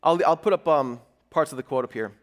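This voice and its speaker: A middle-aged male pastor delivering a sermon, earnest and conversational, with a voice sitting a little higher than most men's. He moves easily between teaching and storytelling, with lively asides. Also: a little fast.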